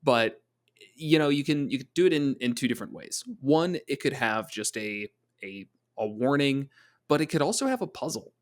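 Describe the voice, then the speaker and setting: A man co-hosting a podcast about tabletop games, talking in an easy, conversational way. He thinks out loud and sometimes slips into quick voices for his players. His voice sits at an ordinary middle pitch. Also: animated. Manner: thoughtful, chatty, acts out quick quoted voices. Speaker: podcast co-host discussing tabletop monsters. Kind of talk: casual discussion of game design.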